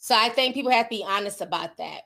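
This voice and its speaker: A woman's voice: medium pitch, expressive, fast, gravelly, bright, forceful tone. A woman with a Southern US accent hosts a casual celebrity gossip livestream, reading viewer comments and giving candid opinions. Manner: chatty, candid, laughs often, reacts to viewer comments. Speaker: livestream host reading chat.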